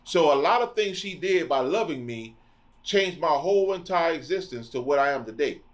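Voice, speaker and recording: A man's voice: a little high, animated, moderate pace. Impassioned middle-aged man preaching bluntly. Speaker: podcast host. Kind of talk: preaching monologue.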